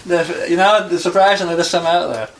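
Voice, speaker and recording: A man's voice: high-pitched, steady tone, normal speed, background noise. A young man telling stories in casual chat, rambling with lots of fillers.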